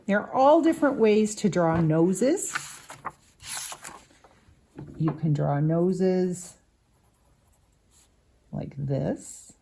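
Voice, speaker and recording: Slow, patient woman teaching children to draw. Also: on the low side, lively intonation, mellow, a little hiss or hum. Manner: patient, explains each step while drawing. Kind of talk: slow drawing lesson for children.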